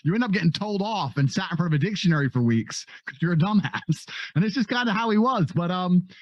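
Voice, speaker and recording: A man talking reflectively as a podcast guest, halting and restarting, swearing casually now and then. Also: sits high, animated, no echo, lo-fi sound.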